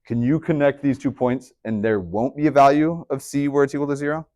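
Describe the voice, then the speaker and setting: A man's voice: medium pitch, fairly even intonation, brisk, a little mellow, dry recording, studio quality. Male teacher, mid-range voice, chatty classroom lecture with playful asides. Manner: chatty, upbeat, joking asides to students. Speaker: high school math teacher.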